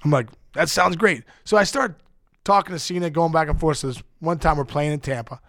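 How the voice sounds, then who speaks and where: A middle-aged man, a former ballplayer, telling animated stories as a guest in a casual podcast chat, laughing often and acting out quotes. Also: a little high, brisk, no room sound, clean studio sound.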